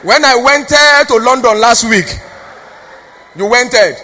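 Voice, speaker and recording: A pastor's wife with a Nigerian accent preaches in a church hall, exhorting the congregation through call-and-response questions. Her voice is a little high and sharp-toned, a little slow, and the recording carries the hall's long reverb.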